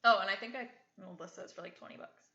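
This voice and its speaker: A woman's voice: mid-range voice, quick pace, sharp tone. A young woman in her twenties, a reseller vlogger, chatting casually through an unboxing and thinking aloud with lots of fillers. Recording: echoey room, dull lo-fi sound.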